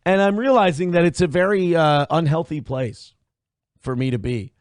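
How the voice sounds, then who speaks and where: A man hosting a casual livestream, reading out donations and chatting with viewers. His voice swings from hyped shouting to low muttering. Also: normal speed, no room sound, studio quality. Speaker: livestream host.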